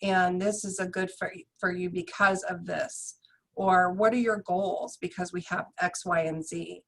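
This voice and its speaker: A woman's voice: fairly low pitch, steady tone, unhurried, vocal fry, low-quality recording. A woman speaking earnestly and emphatically as a panelist on a video call. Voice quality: earnest, emphatic, restarts often. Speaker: beauty school director, panelist. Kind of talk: conversational panel talk.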